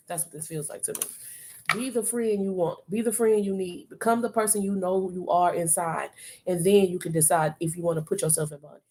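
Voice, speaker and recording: A woman's voice: lowish voice, a little mellow. A woman reading tarot on a live stream, coaching the viewer in an emphatic, streetwise, profane way and repeating phrases for emphasis. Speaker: tarot reader.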